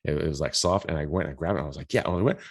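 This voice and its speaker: A man hosting a podcast, telling a story in a rambling, animated way, full of restarts and quoted asides. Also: extremely low pitch, rapid-fire, slightly rough. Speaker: podcast host. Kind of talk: casual storytelling.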